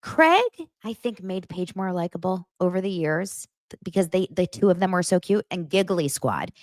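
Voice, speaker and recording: A woman's voice: fairly low pitch, lively intonation, moderate pace, no echo. A young woman hosting a podcast, chatting casually and retelling reality-show scenes with lots of fillers. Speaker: podcast host. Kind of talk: casual pop-culture chat.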